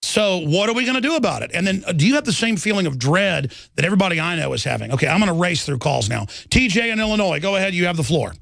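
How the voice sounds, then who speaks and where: Gravelly, heated male talk radio host. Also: high voice, very animated, fast talker, hardly any pauses, fairly bright tone, dry recording. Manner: heated, rambling, insistent. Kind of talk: talk radio monologue and taking calls.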